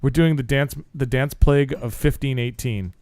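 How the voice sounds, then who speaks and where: A man's voice: mid-range voice, normal speed, darkish tone, no echo. A middle-aged man co-hosting a casual chat, talking in a dry, teasing way. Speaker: co-host.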